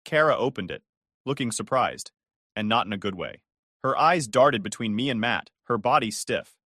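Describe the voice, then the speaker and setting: A man's voice: medium pitch, moderate pace, no room sound, clean studio sound. A man narrating a first-person family drama story, acting out the voices. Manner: expressive, acts out dialogue.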